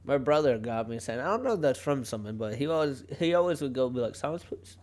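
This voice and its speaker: A man's voice: mid-range voice, lively intonation, quick pace, darkish tone. A young man hosting a solo podcast, talking casually in a rambling way, often cutting himself off and laughing. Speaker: podcast host. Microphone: home podcast mic.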